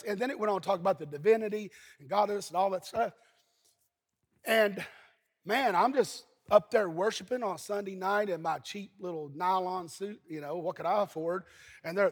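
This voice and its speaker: A high-pitched, husky-voiced man preaches a sermon. He is from Eastern Kentucky and tells folksy stories, now and then breaking into shouts. A long reverb hangs on every line. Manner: folksy storytelling, bursts into shouting. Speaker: pastor.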